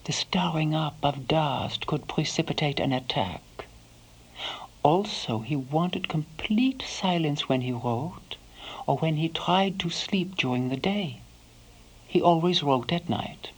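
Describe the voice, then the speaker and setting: A woman playing a devoted elderly housekeeper, recalling her employer in a soft first-person monologue that sometimes sinks to a whisper. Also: deep voice, lively intonation, slow, slightly rough, exaggerated voice, low-quality recording. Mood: wistful. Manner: soft-spoken, slips into hushed whispers.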